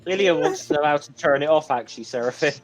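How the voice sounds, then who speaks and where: A man's voice: on the high side, fast talker, soft background music, low-quality recording. A man chatting with friends on a video call, joking around and stumbling into his points. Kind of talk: casual group chat on a video call.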